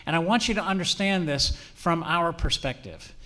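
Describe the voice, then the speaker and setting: Man, middle-aged, police trainer, slightly high-pitched, direct, earnest lecture delivery. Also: normal speed, sharp tone. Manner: earnest, direct, often checks in with "all right?". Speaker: campus police officer and trainer.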